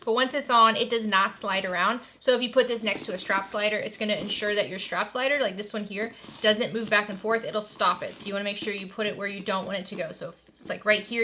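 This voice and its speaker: A woman's voice: medium pitch, bright, forceful tone, a little hiss or hum. A woman hosting a casual sewing tutorial, chatty and enthusiastic as she walks through a bag pattern. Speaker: sewing pattern designer and channel host.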